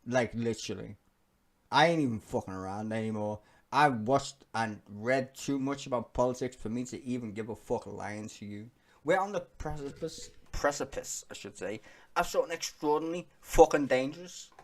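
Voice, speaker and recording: A man's voice: mid-range voice, brisk. Profane, heated man ranting about politics. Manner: laughs often while talking. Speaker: political commentary vlogger. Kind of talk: ranting reaction commentary.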